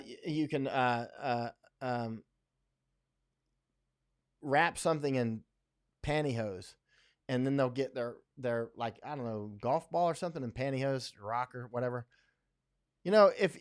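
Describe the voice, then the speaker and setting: A man's voice: medium pitch, no echo, clean studio sound. A man from Florida hosting a casual livestream, rambling and chatty, reading viewer comments aloud with many fillers. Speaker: livestream host reading chat. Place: home in Thailand.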